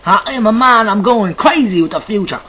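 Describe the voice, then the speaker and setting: A man's voice: high-pitched, animated, a little fast, pushed and bright, slightly rough, lo-fi sound. A man vlogging to camera in a rambling, chatty way, theatrical and self-described as dramatic. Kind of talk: rambling casual monologue to camera.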